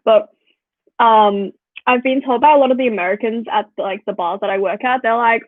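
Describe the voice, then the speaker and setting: A fast-talking young Australian vlogger with a fairly high voice, recorded dry, tells viewers animated stories in a casual chat. She leans heavily on "like" as a filler, and the audio is tinny and phone-like.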